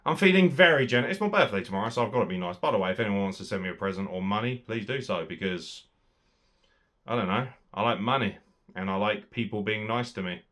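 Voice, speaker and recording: A young man giving a sweary, sarcastic solo wrestling review, swinging between loud outbursts and muttered asides. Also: fairly low pitch, animated, quick pace.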